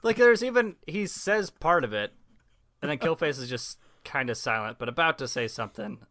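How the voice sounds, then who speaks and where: A man's voice: on the high side, animated, normal speed, fairly bright tone, no echo. A man co-hosting a casual podcast, making dry wry quips. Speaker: podcast co-host.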